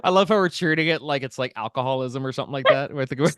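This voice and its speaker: A man's voice: mid-range voice, racing, a bit bright, smooth, no room sound, studio quality. A man hosting a podcast, talking in an enthusiastic, casual way with lots of uh's and like's. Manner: enthusiastic, many fillers like uh and like. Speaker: podcast host. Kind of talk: casual interview chat.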